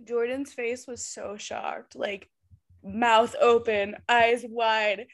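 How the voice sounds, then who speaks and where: Brief: bubbly woman podcast host on a video call, bright higher voice, unhurried delivery, laughs a lot. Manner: giggly, animated, laughs often. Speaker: podcast co-host and tarot reader. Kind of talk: casual chat.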